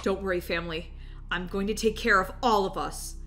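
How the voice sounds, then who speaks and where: A woman voicing a protective but jittery family father who stammers and rushes his words. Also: mid-range voice, over loud music, lightly acted. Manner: rushed and stammering when alarmed.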